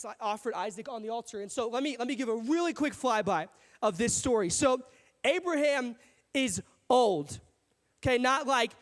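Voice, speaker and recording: A young adult man preaching a sermon as pastor, telling a story with animated asides and acted-out characters. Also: extremely high pitch. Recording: hall reverb.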